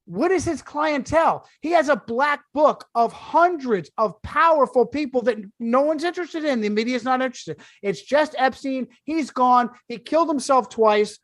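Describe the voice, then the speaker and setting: A man's voice: very high voice, fairly bright tone, no room sound. Emphatic sarcastic man, dry close mic. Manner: emphatic, sarcastic, rapid-fire. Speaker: guest author. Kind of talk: podcast discussion.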